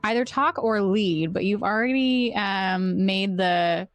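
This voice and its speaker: A woman running a tabletop game as game master, explaining rules in a relaxed, chatty way. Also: medium pitch, slow, no room sound, faint music behind.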